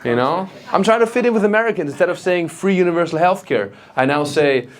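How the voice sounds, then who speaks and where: A man from Germany with a German accent doing stand-up crowd work, animated and teasing, live on a club stage. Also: fairly high pitch, moderate pace, few pauses, slight background noise. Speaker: stand-up comedian. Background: audience laughter.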